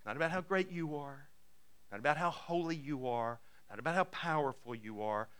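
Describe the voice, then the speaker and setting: A man preaching a sermon, retelling a Bible story in casual words and acting out the characters' lines. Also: fairly bright tone. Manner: lowers his voice for the closing appeal. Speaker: pastor.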